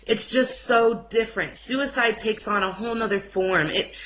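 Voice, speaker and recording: A young woman giving an emotional personal testimony in an informal interview, speaking haltingly with restarts. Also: mid-range voice, a crowd in the background, low-quality recording. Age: young adult. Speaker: interview guest.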